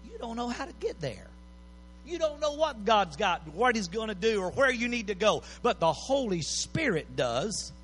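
A man's voice: high-pitched, a bit bright, slight background noise. A man preaching a sermon, impassioned, with repeated pleading phrases.

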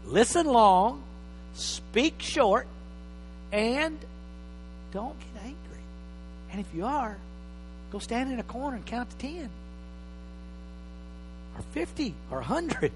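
A high-voiced male pastor delivers an emphatic sermon, his voice swinging between loud and soft. The sound rings with a long hall reverb over a faint electrical hum. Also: very animated, takes it slowly, long pauses.

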